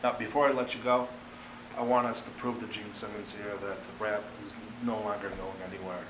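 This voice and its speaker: Quick-talking male interviewer, low voice. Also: level tone, background noise. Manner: quick, brief affirmations, casual questions. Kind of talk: casual interview.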